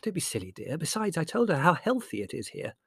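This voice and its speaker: A man voicing a vague, fussy middle-aged mother who is mild, flustered and gently reproving. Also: on the high side, huge pitch swings, fast, creaky, husky, no echo, pitched above the performer's own voice, full character voice.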